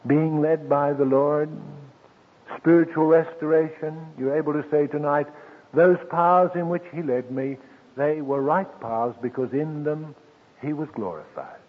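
Man preaching, husky, slightly high voice, slow emphatic sermon, tinny radio sound. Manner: slow, emphatic, with soft drops and sudden lifts. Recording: tinny old radio broadcast with long reverb.

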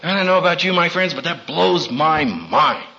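Male preacher, high and bright, slow and dramatic, on a dull lo-fi recording. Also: animated, creaky. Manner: dramatic, acts out quotes with big pitch swings. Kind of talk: sermon.

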